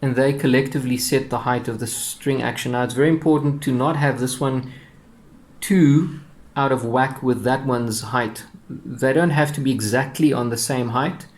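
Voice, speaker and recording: Relaxed male guitar teacher explaining. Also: mid-range voice, moderate pace. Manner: relaxed, repeats words, frequent fillers. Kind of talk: casual tutorial explanation.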